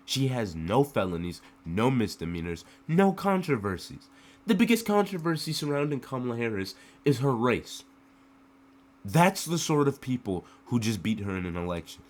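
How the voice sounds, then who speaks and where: A man's voice: mid-range voice, sing-song, moderate pace. A man from the United States giving an emotional political rant to the camera, full of rhetorical questions and repeated phrases.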